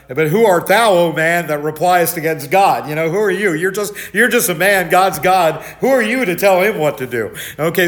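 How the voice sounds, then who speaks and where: An older man preaching a Bible study sermon, loud and animated, telling stories with many restarts. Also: a little high. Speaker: pastor.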